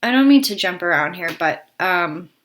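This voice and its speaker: A woman's voice: fairly low pitch, expressive, moderate pace, a bit bright. A woman giving a casual personal health update to her viewers, candid and worried, a little out of breath and often restarting her sentences. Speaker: health vlogger.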